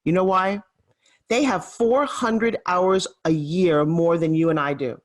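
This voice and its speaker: A woman's voice: fairly low pitch, unhurried. Emphatic storytelling woman in her fifties. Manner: animated, emphatic, tells stories. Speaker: guest, motivational speaker. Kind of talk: interview storytelling.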